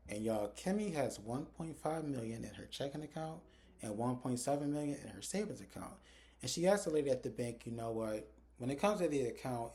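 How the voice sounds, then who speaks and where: A man's voice: mid-range voice, dark tone. A man giving a casual recap of a TV episode, recorded on his phone, quoting the characters' lines as he goes. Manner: retells scenes, acting out characters' lines in quick quotes. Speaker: TV episode reviewer. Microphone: phone camera.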